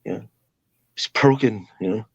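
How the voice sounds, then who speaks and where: A man's voice: fairly low pitch, measured pace, slightly rough, no echo. A man from New Zealand with a New Zealand accent, chatting casually as a guest on a live stream, rambling, laughing often and swearing casually. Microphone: video call. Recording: muffled video-call audio.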